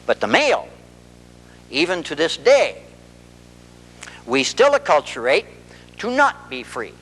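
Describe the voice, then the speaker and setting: A man's voice: on the high side, a little slow, husky, big-room sound, poor audio. A man who is a family therapist gives a public lecture, telling stories and acting out dialogue as he goes. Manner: animated storyteller who acts out dialogue. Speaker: marriage and family therapist giving a talk.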